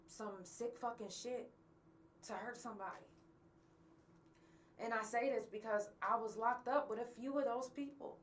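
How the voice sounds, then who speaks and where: A woman's voice: medium pitch, recorded from a distance, a little hiss or hum. A woman hosting a podcast, talking bluntly and angrily to her listeners and swearing often. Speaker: podcast host. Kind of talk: candid monologue to listeners.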